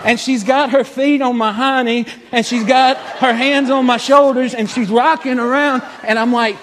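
A man's voice: high-pitched, fairly even intonation, moderate pace, few pauses, a bit bright, in a large hall, slight background noise. A man telling a comic story in a folksy, exasperated way.

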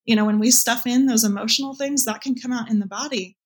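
Earnest reflective woman, slightly high voice. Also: fast talker. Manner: earnest, reflective, quotes her own past thoughts. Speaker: guest, birth mother and support group leader. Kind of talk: conversational interview answers.

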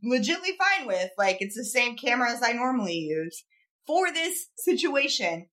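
Animated woman telling stories on a podcast. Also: a little high, moderate pace. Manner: animated, self-mocking, laughs while telling stories. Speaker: podcast co-host, photographer. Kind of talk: casual storytelling chat.

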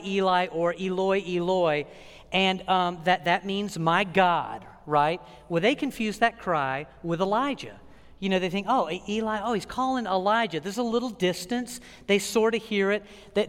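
A man preaching a sermon as pastor, animated and emphatic, with dramatic pauses. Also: high-pitched. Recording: long hall reverb.

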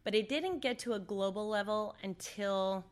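A woman's voice: medium pitch, moderate pace. A middle-aged woman telling a personal story in an interview, conversational with many fillers, acting out what people said. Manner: conversational, with fillers and re-enacted dialogue. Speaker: interview guest.

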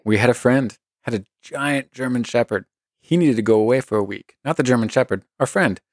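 A middle-aged man co-hosting a relaxed podcast, his voice at an ordinary pitch. He tells his stories in an easygoing way and chuckles mid-sentence. The sound is dry and close-miked. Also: a little fast, no room sound. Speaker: podcast co-host. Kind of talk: casual conversational advice.

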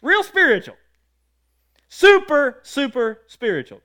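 A male preacher with a high, bright, ringing voice tells stories from the pulpit in a folksy, chatty manner. His volume swings from loud bursts down to hushed, low passages. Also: slow pace. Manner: lively storytelling with wide swings in loudness and frequent laughter; folksy, conversational delivery. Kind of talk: storytelling sermon.

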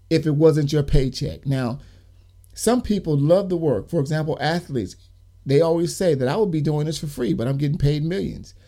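A man talks on his podcast in an earnest, emphatic monologue. He stacks up lists and repeats his key words for weight. His voice sits a little high but sounds mellow and warm. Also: creaky. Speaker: podcast host and youth worker.

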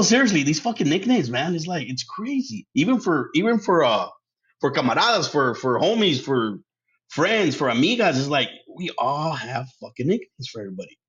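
A man's voice: on the high side, sing-song, moderate pace, fairly bright tone. A man hosting a casual solo podcast. He laughs often, swears freely and drops Spanish words into his English. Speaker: podcast host. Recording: dull lo-fi sound.

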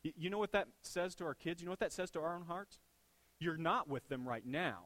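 A man preaching a sermon in a conversational way, asking rhetorical questions and moving between hushed, intimate lines and emphatic ones. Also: fairly high pitch, a little fast, no echo. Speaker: pastor.

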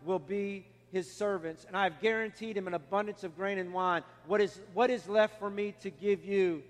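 A shaken old blind father, slow and solemn, as a man acts him out while preaching. The voice is fairly high for a man and carries a long hall reverb. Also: steady tone, lightly acted. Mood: grave.

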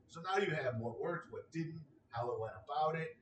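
A man's voice: on the high side, animated, moderate pace, few pauses, a bit bright, roomy sound, distant mic, slight background noise, low-quality recording. A man in a casual ranting monologue, exasperated and sarcastic, swearing freely.

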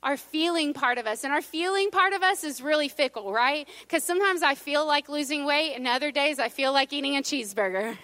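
A middle-aged woman preaching a sermon, conversational and humorous, dropping to a hush at times. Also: high-pitched, brisk, no echo. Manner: conversational, humorous, drops to a hush for God's whisper. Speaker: pastor.

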